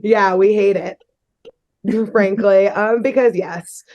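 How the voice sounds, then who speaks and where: A woman's voice: mid-range voice, fairly even intonation, darkish tone, dull audio. Giggly young woman podcast co-host. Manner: giggly, fast, swears freely. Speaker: podcast co-host recapping a cartoon episode. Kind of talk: casual chat.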